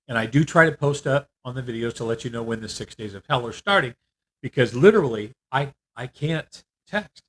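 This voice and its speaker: An older man giving a casual, candid video update on his treatment. He rambles a little, fills pauses often, and sounds worn out. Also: medium pitch, expressive. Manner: candid, rambling, with frequent fillers. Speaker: vlogger. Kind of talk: casual personal health update.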